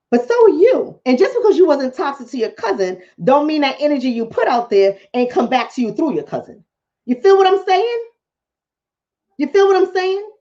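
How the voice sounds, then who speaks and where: A woman's voice: high-pitched, darkish tone, muffled recording. A woman vlogger, talking emphatically and preachily straight to her viewers in a casual commentary monologue.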